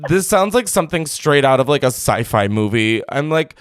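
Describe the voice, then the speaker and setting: A man's voice: medium pitch, sing-song, moderate pace, few pauses, clear, resonant tone, no room sound, clean studio sound. A man hosting a call-in podcast, reacting to a caller with wry, joking comments in casual chat. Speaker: podcast host.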